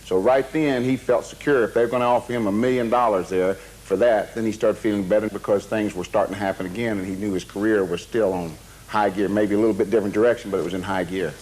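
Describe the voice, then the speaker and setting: A man with a low voice explains in an interview, matter-of-fact and detailed. He lays out the facts plainly and steadily. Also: fairly even intonation, fast, darkish tone, a little hiss or hum, poor audio.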